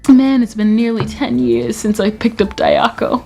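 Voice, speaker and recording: A woman's voice: a little high, steady tone, moderate pace, vocal fry, a little mellow, soft background music. A young woman live streamer chatting casually with her viewers, giggly and exclamatory, rambling from one thing to the next.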